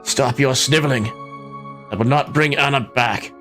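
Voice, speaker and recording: A man's voice: medium pitch, moderate pace, fairly bright tone, soft background music, close to an everyday voice. A man voicing a vengeful old male sage in a game read-through, curt and harsh. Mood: bitter.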